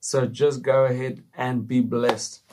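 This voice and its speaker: A man's voice: medium pitch, flat delivery, slow pace, darkish tone, a little hiss or hum. A man hosting a Christian talk show, speaking to viewers in an upbeat, preacherly way with frequent fillers. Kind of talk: casual faith talk to camera.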